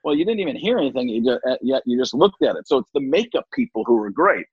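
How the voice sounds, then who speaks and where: Brief: husky, lively man in casual interview, dry dull lo-fi sound. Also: mid-range voice, quick pace, no room sound. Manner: animated, jumps into voices. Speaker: comedian guest.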